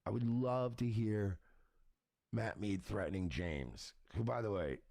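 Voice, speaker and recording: A man's voice: fairly low pitch, unhurried, creaky, darkish tone, no echo. A man in a loose, profane casual podcast chat, riffing on other people.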